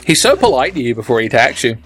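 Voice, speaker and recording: A man's voice: medium pitch, sing-song, very fast, fairly bright tone. Sarcastic young man cursing over a game. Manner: sarcastic, swears freely. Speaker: let's play commentator. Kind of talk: profane gameplay commentary. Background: game music.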